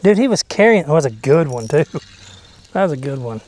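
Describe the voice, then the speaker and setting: A man's voice: a little high, sing-song, fairly quick, darkish tone. A man chatting casually while fishing from a boat outdoors, goofy and talkative, dropping into whispers now and then. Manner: goofy, chatty, drops into whispers and silly sing-song noises. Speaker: fishing vlogger.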